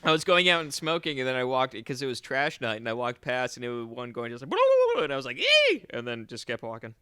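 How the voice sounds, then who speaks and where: Bright, crisp-voiced man deadpanning. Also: medium pitch, quick pace, no echo. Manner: deadpan storytelling, playful refusals. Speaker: podcast co-host. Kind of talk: crude comedic banter.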